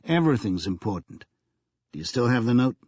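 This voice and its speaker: A man's voice: medium pitch, very animated, brisk, darkish tone, dry recording, muffled recording. A man voicing a skeptical male police lieutenant who asks terse, pressing questions.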